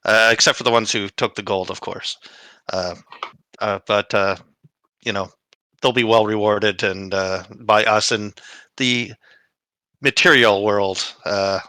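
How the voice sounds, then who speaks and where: A man voicing a smug, scheming warlord in a tabletop game, taunting his foes with mocking, drawn-out lines broken by pauses. The voice sits low and sounds forceful and bright. It is recorded close and dry. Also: smooth, no echo, exaggerated voice. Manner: mocking, drawn-out, full of hesitations.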